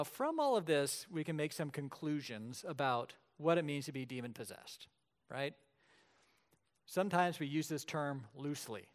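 Lively, fairly high-voiced male preacher. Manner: lively storytelling preacher, shifts between loud and quiet. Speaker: pastor. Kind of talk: sermon.

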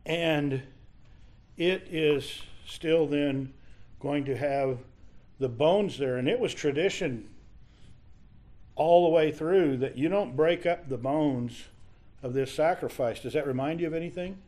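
A man teaching a Bible study lesson in a halting, conversational way, often restarting his sentences. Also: a little high, mellow.

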